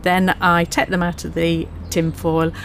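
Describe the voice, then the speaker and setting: A woman's voice: lowish voice, little pitch movement, unhurried, slight background noise. A woman co-hosting a casual gardening chat, talking in a chatty, storytelling way. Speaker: co-host.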